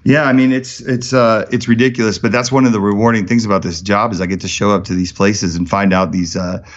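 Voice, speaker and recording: A man guesting on a podcast, telling stories in an energetic, animated way. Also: fairly low pitch, highs cut off. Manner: energetic storyteller, rapid and animated. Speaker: podcast guest, charity founder. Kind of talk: casual podcast conversation.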